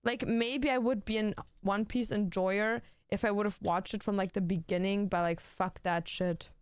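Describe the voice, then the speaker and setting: A woman's voice: mid-range voice, fairly even intonation, moderate pace, clear, resonant tone, no room sound, clean studio sound. A young woman streaming, chatting casually while she plays, blunt and swearing freely with lots of fillers. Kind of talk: casual chat while gaming.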